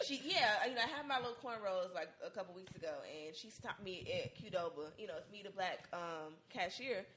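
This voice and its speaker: A woman in a casual group chat, an animated storyteller. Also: medium pitch, a little fast, a little hiss or hum.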